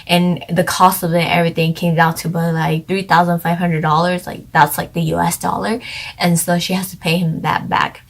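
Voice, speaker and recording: Young woman, casual drama review, lowish voice, rambling and chatty, lots of "like". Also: flat delivery, normal speed, gravelly. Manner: chatty, rambling, heavy use of "like". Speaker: drama reviewer, channel co-host.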